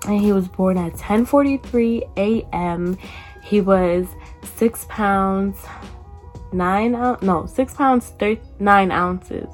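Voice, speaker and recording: A woman in her twenties chatting casually in a storytime vlog, acting out quoted people in a higher voice. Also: takes it slowly, soft background music. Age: 20s. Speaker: vlogger.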